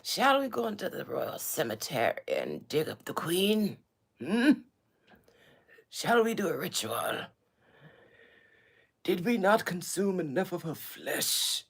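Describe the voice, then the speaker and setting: A woman's voice: sits low, gravelly, husky, heavily acted. A woman voicing a pompous, old-fashioned royal who speaks in archaic, mock-solemn tones. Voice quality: archaic, theatrical. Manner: grand, ominous, mock-solemn.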